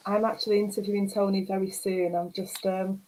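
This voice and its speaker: A woman's voice: mid-range voice, flat delivery, a little fast, a little mellow, slight background noise, poor audio. Chatty woman hosting a book chat. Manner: friendly, chatty, self-deprecating. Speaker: book club host. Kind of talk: casual online interview.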